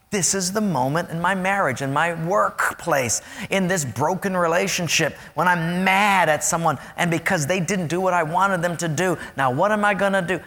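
A man preaching a sermon, animated and storytelling, acting out voices to make his points. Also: a little high, moderate pace, in a large hall. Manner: animated, acts out voices and stories.

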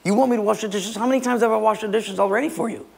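A man's voice: very high-pitched, huge pitch swings, a little fast, vocal fry, breathy edge, long reverb tail, pitched above the performer's own voice, exaggerated voice. Man doing a huffy sarcastic husband. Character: sulky, sarcastic grumbling husband.

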